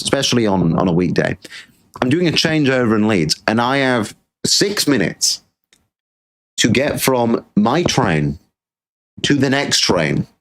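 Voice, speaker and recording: A man holds forth on his own show in a loose, ranting monologue. His voice sits at an ordinary middle pitch, and he talks bluntly, swearing often and circling back over the same words as he builds his point. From Britain. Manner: blunt, swears freely, repeats himself while ranting. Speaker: podcast host.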